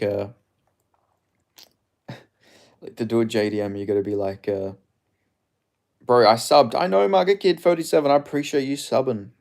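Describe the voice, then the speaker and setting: A man's voice: on the low side, darkish tone. A man with an Australian accent, a streamer rambling loosely through viewer comments, swearing casually and filling his talk with filler words.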